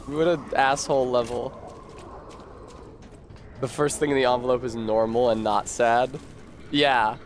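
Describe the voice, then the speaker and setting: A man's voice: medium pitch, fairly even intonation, unhurried, pauses often, slight background noise. A man streaming a game, commenting casually with sarcastic, rambling asides and frequent swearing.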